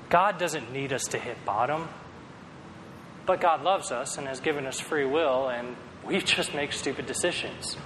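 A man's voice: medium pitch, pushed and bright, in a large hall, slight background noise, poor audio. A man preaching a sermon in a conversational, storytelling way, with self-deprecating humor. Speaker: pastor.

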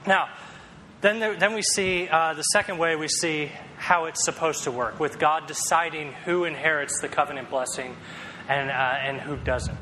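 Man, pastor, conversational sermon, bright voice, long echoey hall, faint room noise. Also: on the high side, steady tone, moderate pace. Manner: conversational storytelling with self-deprecating humor.

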